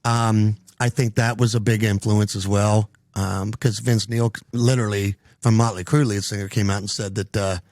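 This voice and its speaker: A man's voice: fairly low pitch, flat delivery, normal speed, hardly any pauses, a little mellow, no room sound, clean studio sound. A middle-aged man hosting a casual podcast chat, rambling with lots of ums and restarts. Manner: rambling, many fillers and restarts. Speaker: podcast host.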